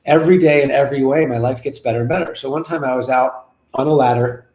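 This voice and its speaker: Energetic man in his forties, roomy echo. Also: medium pitch, fast talker. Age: 40s. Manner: energetic, repetitive, storytelling. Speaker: guest business coach. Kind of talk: web show interview. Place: his office. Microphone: video call.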